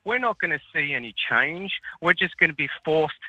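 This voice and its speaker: A man's voice: fairly high pitch, animated, moderate pace, sharp tone, no echo, lo-fi sound. A man talking in a casual chat as co-host, ranting in an indignant way. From Australia.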